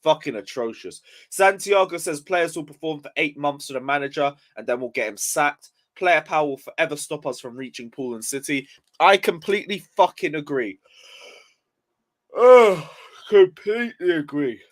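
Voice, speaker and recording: A man's voice: on the high side, brisk, a bit bright. A young man ranting on a casual football live stream, just woken up and yawning, swearing in frustration as he reads chat aloud. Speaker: football livestreamer.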